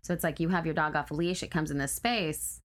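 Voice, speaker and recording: A woman's voice: low-pitched, fast talker. A woman co-hosting a podcast, chatting casually and reading listener stories in a blunt, profane way. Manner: blunt, profane, animated when ranting. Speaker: podcast co-host.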